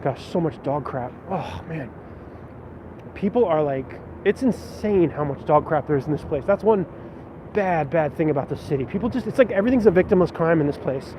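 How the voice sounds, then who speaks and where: A man's voice: a little high, expressive, moderate pace. Rambling man livestreaming from a city street. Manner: rambling, self-deprecating, reading comments aloud. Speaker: vlogger and stage actor. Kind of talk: casual live-stream chat while walking. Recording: muffled lo-fi phone audio with loud street noise.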